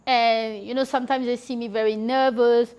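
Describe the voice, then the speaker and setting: A woman talking as a podcast guest in a loose, chatty way. Her voice sits a little high, and her talk is full of "like" and "you know". She laughs now and then as she tells her stories. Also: flat delivery, normal speed, a little mellow, smooth. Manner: chatty, heavy use of filler "like" and "you know"; laughs while telling stories. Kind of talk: casual conversational storytelling.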